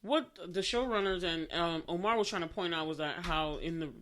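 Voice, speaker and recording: Animated woman with a bright voice. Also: lowish voice, normal speed, slight background noise. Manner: animated, laughs often. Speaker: podcast co-host. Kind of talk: casual chat.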